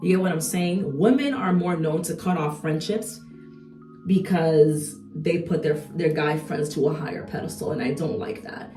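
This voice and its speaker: Chatty low-voiced woman with a slangy manner. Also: moderate pace, reverberant, far from the mic, soft background music. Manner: chatty, conversational, frequent rhetorical asides; slangy and animated. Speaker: beauty vlogger. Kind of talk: casual chat while doing makeup.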